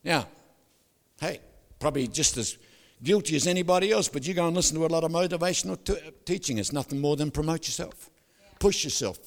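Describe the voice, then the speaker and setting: An older man, preaching a sermon with jokes, stories and sudden loud outbursts. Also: fairly high pitch, a little fast. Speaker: pastor. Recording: hall reverb.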